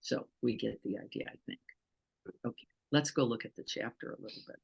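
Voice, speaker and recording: A woman teacher giving a relaxed, conversational dharma talk. She speaks with lively energy, poses rhetorical questions to her listeners and slips into quick acted-out voices as she explains. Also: very deep voice, creaky, slightly rough. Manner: animated, asks rhetorical questions, acts out quotes. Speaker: meditation teacher.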